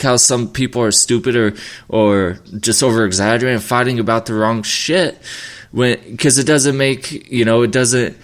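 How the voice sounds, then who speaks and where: A young man talks through his solo podcast in loose, unscripted chat. He rambles, swears freely and restarts his sentences often, at a middling pitch. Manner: rambling and profane, with many restarts. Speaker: podcast host.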